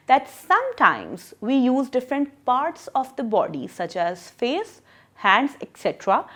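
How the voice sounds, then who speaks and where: A woman teacher explaining a lesson to children, patient and repeating her questions. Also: on the high side.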